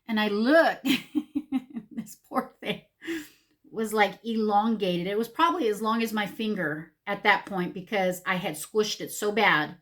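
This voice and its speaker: Middle-aged woman, chatty beauty vlogger, animated storytelling, lots of ums. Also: mid-range voice. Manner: animated, chatty, frequent fillers. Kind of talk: chatty get-ready-with-me storytelling.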